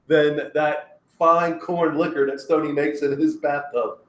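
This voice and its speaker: A man's voice: on the high side, little pitch movement, a little slow. A man co-hosting a tech podcast in casual chat. He jokes and teases in his banter. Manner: joking, teasing banter. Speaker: podcast co-host. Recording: echoey room.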